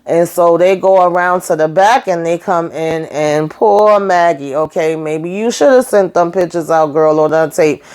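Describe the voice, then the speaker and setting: A woman's voice: fairly low pitch, unhurried, few pauses, darkish tone, clear, resonant tone. A woman casually recapping a TV episode, chatty and sassy, calling her viewers girl and honey. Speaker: show reviewer recapping an episode.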